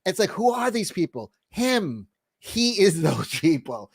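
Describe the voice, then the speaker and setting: A man's voice: high voice, measured pace, vocal fry, breathy edge, no room sound. A man hosting a casual livestream chat, swearing a lot and laughing as he talks. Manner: profane, animated, laughing often. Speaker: podcast host.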